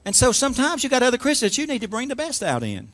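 A man's voice: very high voice, huge pitch swings, fast talker, a bit bright. A man preaching a sermon, leading the congregation in call-and-response with emphatic, rising delivery. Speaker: pastor.

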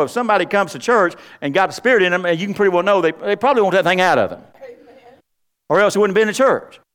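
A man's voice: high voice, fairly bright tone. A middle-aged man preaching a sermon, folksy and humorous. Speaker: pastor.

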